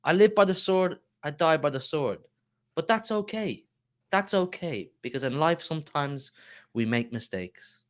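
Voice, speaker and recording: A man on a football panel who rambles, halts and pokes fun at himself. His voice is slightly higher than most men's. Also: lively intonation. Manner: rambling, halting, self-deprecating. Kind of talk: casual chat.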